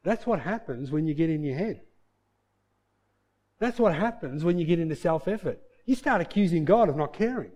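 A male preacher with a fairly high voice, delivering a sermon. His delivery swings widely, sinking to hushed, low lines and then climbing to shouted peaks. He tells stories with a preacher's rhythm. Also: lively intonation, normal speed. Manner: storytelling, shifting between soft low passages and loud shouted peaks.

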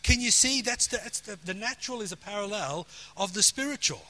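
Bright-voiced earnest male preacher. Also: high-pitched, animated, fairly quick. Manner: earnest storytelling, swinging from loud emphasis to soft quoted prayer. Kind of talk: sermon.

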